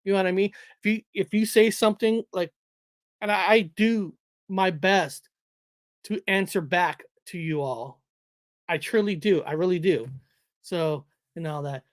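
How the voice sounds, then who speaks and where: A woman's voice: on the low side, unhurried, no room sound, clean studio sound. A woman hosting a casual livestream, rambling and repeating her words, laughing often and a little out of breath. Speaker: livestream host.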